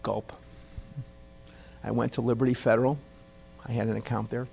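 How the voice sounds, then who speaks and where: A man's voice: mid-range voice, level tone, quick pace, vocal fry, darkish tone, slight background noise. A man telling a humorous, self-deprecating personal story to a meeting audience. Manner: self-deprecating, wry, conversational. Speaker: speaker at a recovery meeting.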